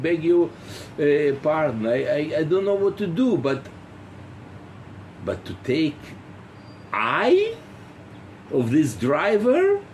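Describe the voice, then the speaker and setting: A man's voice: sits high, darkish tone, a little hiss or hum, pitched above the performer's own voice, heavily acted. A man voicing an outraged modern man who exclaims and pleads against an old law.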